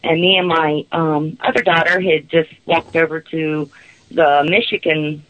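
A woman's voice: low-pitched, fairly even intonation, unhurried, no echo, highs cut off. A woman caller telling a personal story in a rambling way, with nervous laughs.

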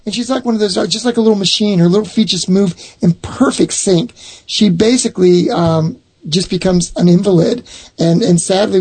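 A middle-aged man with a husky, gravelly voice tells a long personal story. He rambles along and often stops to restart his sentences. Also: high-pitched, a little mellow. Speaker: owner of a haunted box, guest. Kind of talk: storytelling in a casual chat.

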